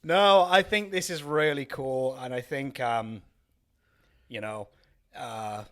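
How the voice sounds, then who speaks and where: Man, podcast co-host, rambling, self-deprecating, mid-pitched voice, casual drinks chat. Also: takes it slowly, a bit bright. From Wales.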